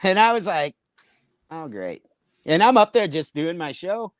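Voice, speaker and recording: A man's voice: fairly high pitch, very animated, unhurried, dry recording. A man, a comedian, telling a rambling, profane story in casual chat and acting out the voices of the people in it.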